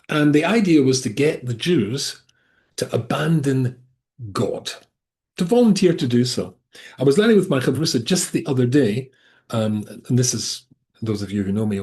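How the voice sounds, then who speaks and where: A man teaching a Torah class over a video call, his pitch rising and falling a lot as he talks. He wanders into asides and restarts his sentences, always animated. His voice sits at an ordinary middle pitch for a man.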